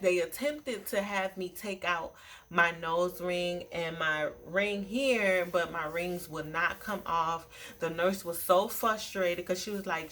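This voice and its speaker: A young woman talks straight to her audience in a low-pitched voice, telling a story in a lively, playful way and throwing in friendly asides. Clear background noise sits under her voice throughout. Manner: chatty, animated retelling with playful asides. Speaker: vlogger. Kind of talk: casual storytime.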